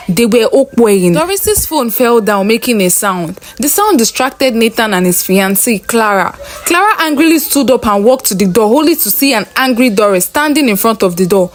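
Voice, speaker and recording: A woman telling a dramatic story aloud, her voice fairly high. She retells each scene plainly, with a flair for drama.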